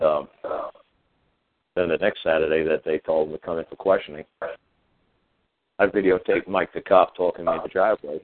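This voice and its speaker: A man hosting a podcast, telling a rambling, profane story in a casual way and acting out the voices of the people in it. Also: deep voice. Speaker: podcast host. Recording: tinny phone-like line, dry.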